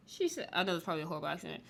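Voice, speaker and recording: A woman's voice: on the low side, gravelly. A woman hosting a casual reality TV recap, chatting in a rambling way full of "like". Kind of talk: casual chat review.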